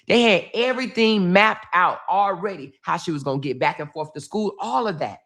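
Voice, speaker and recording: A woman's voice: lowish voice, expressive, moderate pace, few pauses, a bit bright. A middle-aged woman, telling a family story to her viewers in a casual, emphatic way, repeating phrases. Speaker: vlog host.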